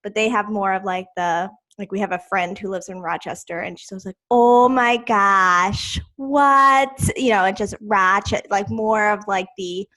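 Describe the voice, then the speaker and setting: A woman from New York with a New York accent, co-hosting a podcast in casual, animated chat. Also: medium pitch. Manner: animated, quick to agree, fillers. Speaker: podcast co-host.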